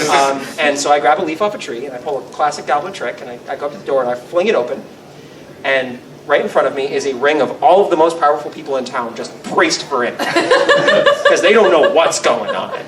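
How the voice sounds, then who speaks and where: A man on a convention panel, telling a funny role-play story in a casual, animated way. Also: fairly quick, roomy sound, recorded from a distance, a little hiss or hum, poor audio. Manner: animated, laughing, squeaky voice bursts.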